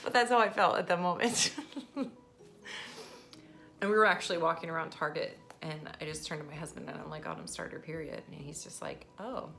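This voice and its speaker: A woman's voice: sits low, fairly even intonation, a little fast, pauses often, pushed and bright, soft background music. A woman in her thirties vlogging casually about her daughter, chatty and emotional, often breaking into laughter. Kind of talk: casual personal vlog.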